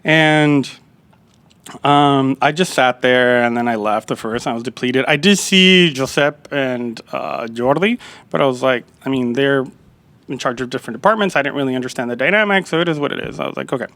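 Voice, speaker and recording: Podcastgast: ontspannen man met een rasperige, krakende stem, vertelt uitgebreid. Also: medium pitch, moderate pace, a bit bright, dry recording. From Calexico and Mexicali area. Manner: rambling, laid-back, full of fillers and quoted dialogue. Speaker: executive chef, podcast guest. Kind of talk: casual storytelling interview.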